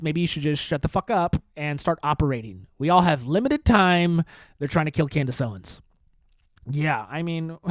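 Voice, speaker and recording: A podcast host rants alone in a solo comedic episode, sarcastic, provocative, and rambling. His voice is high, and the recording is dry.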